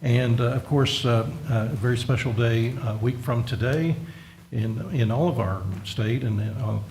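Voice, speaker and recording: A man serving as county magistrate, giving folksy remarks at a council meeting with many pauses and fillers. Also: mid-range voice, darkish tone, roomy sound, slight background noise.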